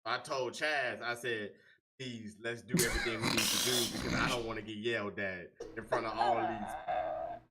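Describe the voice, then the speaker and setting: A man's voice: lowish voice, normal speed, a loud crowd. A man co-hosting a podcast in casual chat, telling stories animatedly and acting out what people said. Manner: animated storyteller, acts out quotes loudly. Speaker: podcast co-host.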